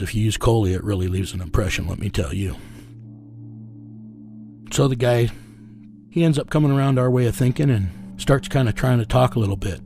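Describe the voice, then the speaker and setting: A middle-aged man being interviewed, telling a rough story in a blunt, profane way and chuckling as he goes. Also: medium pitch, darkish tone. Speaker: interviewee recounting a rescue case.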